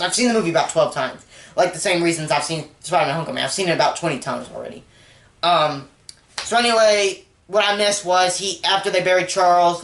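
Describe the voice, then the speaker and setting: A man's voice: sits high, fairly bright tone. A man casually retelling a film scene by scene, rambling with many fillers. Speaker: movie reviewer. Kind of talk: casual spoken movie recap. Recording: echoey room.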